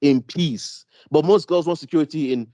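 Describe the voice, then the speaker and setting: A man with a British accent telling a casual story on a podcast, animated, laughing, full of street slang. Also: fairly high pitch, moderate pace, no room sound. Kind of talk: casual chat.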